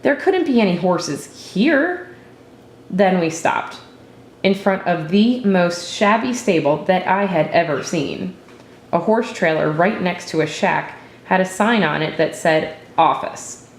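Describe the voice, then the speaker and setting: A woman reads a first-person story aloud in a steady, reflective way. Her voice sits on the low side for a woman, and a roomy echo hangs around it. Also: unhurried, a little hiss or hum. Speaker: narrator. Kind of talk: storybook reading.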